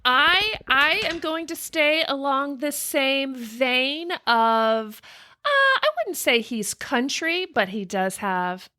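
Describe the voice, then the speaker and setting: With a high, sing-song voice that has a sharp edge, this woman co-hosts a podcast, telling stories slowly and breaking into laughter often during the casual conversation. The studio-quality audio has no room sound at all.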